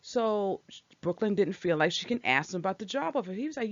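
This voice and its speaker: A woman's voice: mid-range voice, animated, a little fast, dry recording. A woman casually recapping a soap opera episode, talking back at the characters with strong opinions. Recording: dull lo-fi dry recording.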